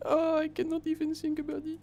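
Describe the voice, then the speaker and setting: A man putting on a high, scared Frenchman. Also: monotone, quick pace, darkish tone, slight background noise. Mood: panicked. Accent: put-on French. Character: frightened man with a French accent fleeing through a forest.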